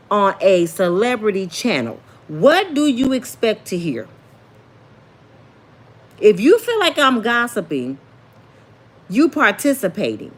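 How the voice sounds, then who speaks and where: Sassy chatty woman hosting a livestream. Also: mid-range voice. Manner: chatty, sassy, reads viewer comments aloud. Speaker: celebrity gossip livestream host. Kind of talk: casual livestream chat.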